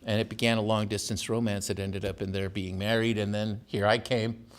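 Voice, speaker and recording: A man's voice: fairly low pitch, flat delivery, brisk. An older man from Tijuana and San Diego giving a talk as an author, telling wry family stories and laughing at his own jokes in a campus auditorium. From born in Tijuana, raised in San Diego. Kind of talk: storytelling lecture.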